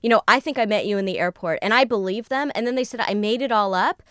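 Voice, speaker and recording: A woman's voice: medium pitch, quick pace, clear, resonant tone, dry recording, studio quality. A woman recounting a personal story in conversation, acting out the lines of the people in it. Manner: animated, re-enacts dialogue. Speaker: storyteller guest.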